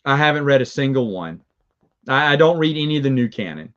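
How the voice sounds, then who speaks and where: A man's voice: medium pitch, big pitch swings, fast talker, pushed and bright, dull audio. A man with a Southern accent, hosting a review show and chatting casually with viewers, rambling and chuckling as he goes. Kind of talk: casual live chat with viewers.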